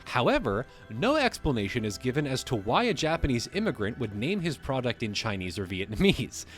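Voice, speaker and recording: A man's voice: mid-range voice, big pitch swings, fairly quick, soft background music. A man hosting a livestream, reading a text aloud and breaking off to riff on it casually, swearing now and then. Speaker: livestream host.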